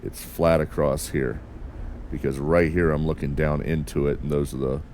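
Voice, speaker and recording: An American man with a very deep, gravelly voice streams a space game, keeping a steady tone at normal speed as he mutters and swears to himself and his chat while flying. His accent blends regions, neither northern nor southern. The casual commentary has a darkish tone and slight background noise.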